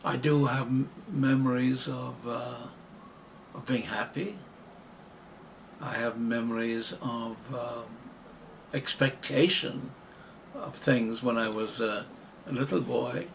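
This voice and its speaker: An older man from Ireland with an Irish accent, an interviewed writer and actor, reflecting slowly and hesitantly, often restarting his phrases. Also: mid-range voice, fairly even intonation, vocal fry, slight background noise.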